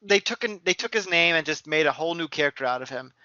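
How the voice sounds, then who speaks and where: A man co-hosting a podcast, chatting casually, opinionated and halting with fillers. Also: a little high, animated, pushed and bright, dry recording. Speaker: podcast co-host. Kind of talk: casual chat. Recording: dry, dull lo-fi audio.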